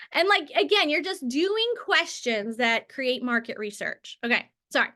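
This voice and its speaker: A woman in her thirties teaches a casual session, running off on tangents and filling gaps with "like" and "um". Her voice sits high and comes across bright and forceful. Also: expressive, a little slow. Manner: chatty, tangents and filler words. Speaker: network marketing trainer. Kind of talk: casual training talk.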